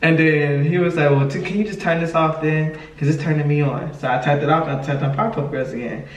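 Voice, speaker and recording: A man's voice: a little high, quick pace, dull audio. A man telling a story in casual chat, acting out the other people's lines and laughing often. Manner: animated, acts out quoted dialogue, laughs often. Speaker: podcast co-host telling a story. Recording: echoey room from a distance.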